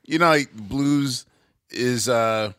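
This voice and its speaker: A man's voice: mid-range voice, slow pace, a bit bright, smooth, no echo, studio quality. A man hosting a casual interview, enthusiastically breaking down music with spoken examples. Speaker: podcast host.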